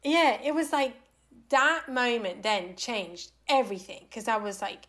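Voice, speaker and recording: A young woman guest on a podcast recounts a personal story in a candid, animated way. Her voice sits a little high, and she keeps the retelling lively with frequent fillers. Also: a little slow. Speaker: podcast guest, writer and actor.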